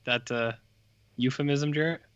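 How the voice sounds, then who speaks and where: Bright-voiced joking podcast co-host. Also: male voice, medium pitch, steady tone, normal speed, clean tone, no room sound, dull audio. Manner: joking, wry. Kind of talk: casual chat.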